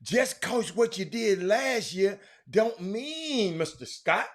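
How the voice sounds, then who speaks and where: Loud excitable sports-talk host. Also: male voice, high voice, slow. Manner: loud, excitable, teasing, repeats words, sudden shouts. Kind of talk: animated sports talk, reading live chat.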